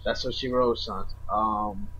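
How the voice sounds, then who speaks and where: A man's voice: on the low side, steady tone, a little slow, a bit bright, slightly rough, lo-fi sound. A man co-hosting a wrestling podcast in a laid-back way, often calling his friend "son". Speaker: podcast co-host. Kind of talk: casual wrestling podcast chat.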